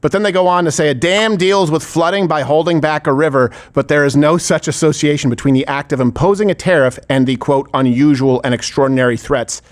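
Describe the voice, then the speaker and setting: A man's voice: a little high, a little fast, hardly any pauses. A man hosting a political talk show, asking rhetorical questions with heavy sarcasm. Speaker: host. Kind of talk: political commentary chat.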